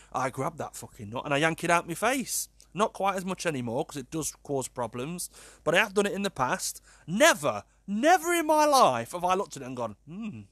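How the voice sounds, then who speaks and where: A man hosting a podcast, reading odd news stories aloud in a casual, incredulous, animated way and swearing freely. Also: on the high side, dry recording. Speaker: podcast host.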